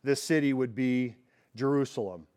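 A man's voice: medium pitch, normal speed, darkish tone, clean tone. A man preaching an expository sermon in a conversational way, often restarting phrases and asking rhetorical questions. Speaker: pastor teaching a Bible study.

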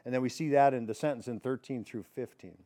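A man's voice: medium pitch, fast, mellow. A man walks his listeners through a Bible passage in an easy, conversational sermon, his voice sitting in a middle register. He stops to restart phrases and puts rhetorical questions to the room. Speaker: pastor teaching a Bible study. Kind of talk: expository sermon.

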